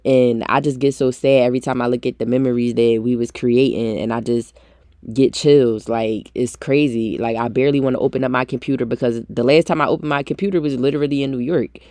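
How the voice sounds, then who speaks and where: Low-pitched woman, young, shaky near tears, swears a lot, roomy echo. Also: fairly even intonation, brisk, dark tone. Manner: raw, repetitive, swears often, talks straight to viewers. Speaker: vlogger. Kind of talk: emotional storytime vlog.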